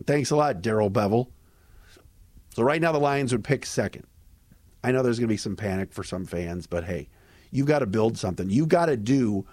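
A man hosting a sports podcast, giving a casual postgame recap in a lively, conversational way with fillers and restarts. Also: medium pitch, dry recording, clean studio sound. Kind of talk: casual postgame recap and host-read ads.

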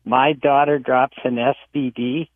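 A middle-aged man calling in to tell a funny story about his daughter in a matter-of-fact, deadpan way. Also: mid-range voice, unhurried, no room sound. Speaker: caller. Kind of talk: telling a funny family story. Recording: tinny phone line.

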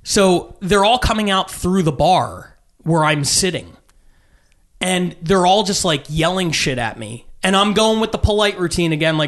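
A man's voice: high voice, normal speed. A man in his thirties, a stand-up comedian telling a story in casual chat and acting out the voices he quotes. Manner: animated, acts out quotes with swearing.

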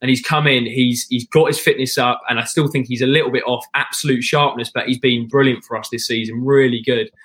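A man holds forth as a guest in a casual podcast chat, long-winded and restarting his sentences often. His voice sits at an ordinary middle pitch. He clears his throat now and then while he talks. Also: fairly even intonation, brisk, hardly any pauses, fairly bright tone. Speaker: guest football fan.

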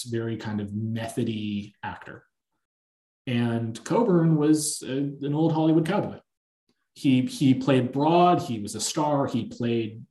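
Man, podcast host, casual film chat, animated anecdotes, echoey room. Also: medium pitch. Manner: animated, long-winded anecdote telling.

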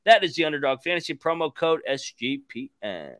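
A man's voice: fairly high pitch, very animated, a little fast, few pauses, fairly bright tone, no room sound. A man hosting a casual sports talk podcast, swearing and laughing a lot. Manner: profane, laughing, rambling. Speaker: podcast host.

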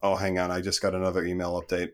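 Lowish-voiced young man doing a mock-earnest comedy bit. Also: monotone, rapid-fire. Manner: mock-earnest, hesitant, fillers and restarts. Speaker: comedy podcast co-host.

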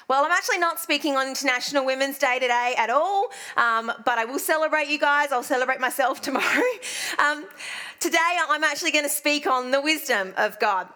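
A woman's voice: high voice, a little fast, sharp tone. A young adult woman with an Australian accent, preaching a sermon and telling chatty, self-deprecating stories from her own life.

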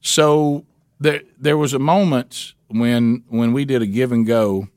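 A man's voice: mid-range voice, fairly even intonation, measured pace, darkish tone, no echo, studio quality. A middle-aged man hosting a talk radio show, telling a story with many restarts.

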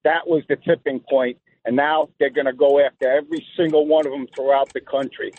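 A man's voice: medium pitch, steady tone, a little fast. A man calling in to a radio show, speaking insistently. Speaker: caller. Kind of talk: phone call to radio show. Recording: tinny phone line.

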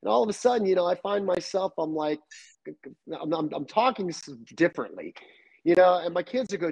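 Serbian-accented man, animated chat. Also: high-pitched, a little fast, vocal fry, dry recording. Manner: animated, loose storytelling with many fillers. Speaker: podcast guest. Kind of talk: casual chat.

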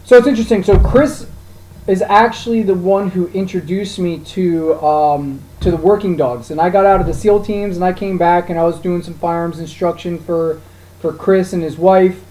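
A man hosting a casual podcast chat, telling stories and quoting others in lively voices. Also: high voice, normal speed, low-quality recording. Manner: animated storyteller, quotes others in lively voices. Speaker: podcast host, dog trainer.

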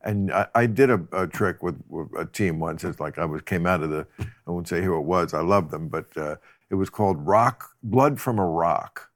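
A man hosting a loose conversation with a low-pitched voice. He trades dry, sardonic quips, and his voice sits close and dry with no room echo. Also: normal speed. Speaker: host. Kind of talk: casual chat.

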